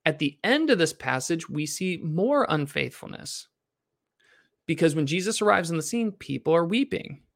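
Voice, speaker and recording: A man with a slightly higher voice and a gravelly edge reads a Bible passage and then teaches on it. He reads steadily and explains with rising questions for his class. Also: big pitch swings, moderate pace. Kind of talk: scripture reading and teaching.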